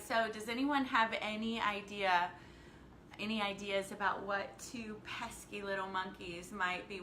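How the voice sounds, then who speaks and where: A woman's voice: mid-range voice, bright, forceful tone. Woman, life-coach live-streamer, upbeat, calls out commenters by name; roomy echo. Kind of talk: casual live-stream chat with viewers. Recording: echoey room with faint background noise.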